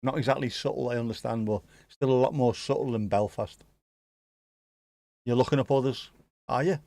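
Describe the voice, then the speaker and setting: A man hosts a laid-back livestream, chatting loosely and thinking aloud as he answers his viewers. His voice sits at an ordinary middle pitch. The sound is close and dry, with no room echo. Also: normal speed, creaky, warm tone. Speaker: livestream host. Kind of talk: casual livestream chat.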